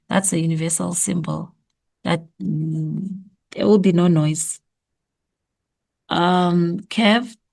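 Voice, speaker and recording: A woman with a South African accent takes a class through an exam memo. She speaks slowly, and her voice has a gravelly, creaky edge. She thinks aloud and repeats her answers. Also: fairly low pitch, a little mellow. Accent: South African English. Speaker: teacher going over exam memo. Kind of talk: exam revision lesson.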